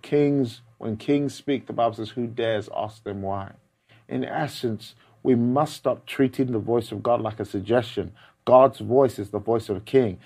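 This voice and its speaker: A man's voice: medium pitch, a little slow, darkish tone. Man preaching with strong emphasis. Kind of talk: sermon.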